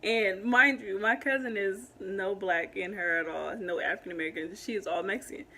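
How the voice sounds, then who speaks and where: A young woman in a casual storytime vlog, talking animatedly with many fillers and growing loud when upset. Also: medium pitch, normal speed, a little hiss or hum. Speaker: vlogger telling a story.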